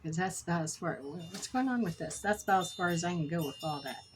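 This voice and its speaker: A woman's voice: lowish voice, fast talker, slight background noise, poor audio. A middle-aged woman chatting casually while making beaded jewelry, telling rambling stories with self-corrections. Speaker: jewelry crafter. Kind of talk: casual crafting vlog chat.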